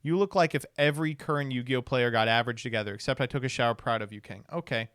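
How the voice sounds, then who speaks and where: Guy on stream reading chat comments, smooth clear voice, dry close sound. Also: medium pitch, fast talker, fairly bright tone, no echo. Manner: reads comments aloud with dry asides. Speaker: streamer reacting to videos. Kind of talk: casual react commentary.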